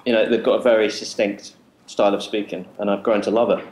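A man's voice: on the low side, little pitch movement, quick pace, a little mellow. A male comedian answering interview questions over a video call with dry, self-mocking humor. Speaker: comedian guest. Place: remote location in London. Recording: echoey video call audio.

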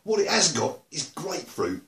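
A man's voice: fairly high pitch, sing-song, moderate pace, vocal fry, fairly bright tone. An English man chatting casually to camera about beer and music, rambling with dry humor. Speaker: video blogger. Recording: roomy echo.

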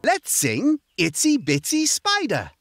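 A woman's voice: sits high, wildly swooping pitch, exaggerated voice. A woman voicing Mister Frog, a friendly male frog leading a kids' sing-along. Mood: cheerful. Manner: cheerful, slow, teacherly.

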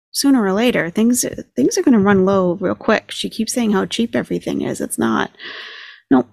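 Chatty, sarcastic woman with gravelly edge. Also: mid-range voice, a little slow, darkish tone, dry recording. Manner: chatty, sarcastic, talks numbers through aloud. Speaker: commentary channel host. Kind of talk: casual commentary on a video.

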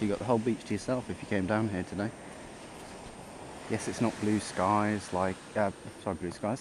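A man giving casual, jokey running commentary to himself while riding a motorbike on country roads. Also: lowish voice. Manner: chatty, jokey, talking to himself. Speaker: motorcycle vlogger. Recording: road and engine noise under the voice.

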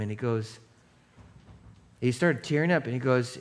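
A male pastor preaching a sermon in a loose, conversational way, telling a personal story and breaking into shouts. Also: medium pitch, normal speed, pauses often. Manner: animated, conversational, bursts into shouts. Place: church.

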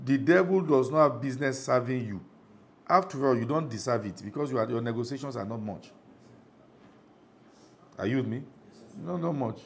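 Nigerian pastor mid sermon, emphatic, keeps asking the crowd are you with me, pitch jumps all over. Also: male voice, slight background noise. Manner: emphatic preaching, rhetorical questions to congregation.

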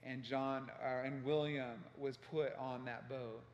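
A man preaching a sermon as pastor, telling a story with passion and acting out shouted quotes. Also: mid-range voice, fairly even intonation, takes it slowly, muffled recording, a little hiss or hum. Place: church sanctuary. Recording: echoey church hall.

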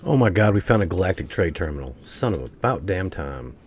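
A man's voice: deep voice, sing-song, fairly quick, a little hiss or hum. A man giving casual gameplay commentary, swearing freely and grumbling to his viewers as he plays. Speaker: gameplay streamer.

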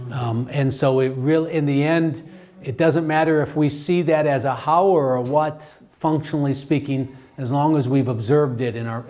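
A man teaching a Bible study class, talking in halting bursts with frequent restarts and quizzing his students. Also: medium pitch, a little mellow. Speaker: theology teacher. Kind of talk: interactive Bible study lecture.

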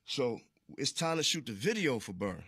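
Bright, slangy New man telling stories. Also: medium pitch, very animated, moderate pace, breathy edge, dry recording, clean studio sound. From Queensbridge, New York. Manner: slangy, profane, acts out quoted voices. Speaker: guest. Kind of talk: casual storytelling interview.

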